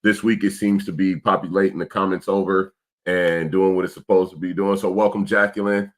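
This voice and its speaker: A man with a lowish voice co-hosting a relaxed livestream with his partner. He talks passionately and emphatically, swearing freely and laughing often. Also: brisk. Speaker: co-host of a couple's livestream. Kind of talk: casual livestream chat.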